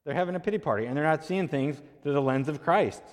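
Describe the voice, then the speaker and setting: A man's voice: fairly high pitch, fast. A man preaching a sermon as pastor, telling a story in a conversational way and acting out the quoted voices. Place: church sanctuary. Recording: long hall reverb.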